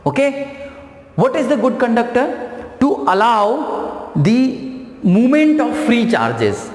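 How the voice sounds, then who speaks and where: A man teaching a science lesson, explaining slowly and repeating key phrases. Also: extremely high pitch, sing-song. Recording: echoey room with long reverb.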